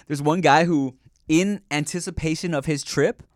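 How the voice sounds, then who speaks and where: A man's voice: fairly high pitch, fairly even intonation, moderate pace, no echo, studio quality. Man telling loose, profane stories. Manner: loose, profane storytelling full of "like" and "bro". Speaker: podcast co-host. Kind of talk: casual chat.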